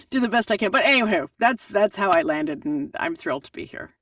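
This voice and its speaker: Audiobook narrator lady, super animated chat, laughs a lot, sounds a bit far from the mic. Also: medium pitch, moderate pace, slight background noise. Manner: chatty, animated, laughs often. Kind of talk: podcast interview answers.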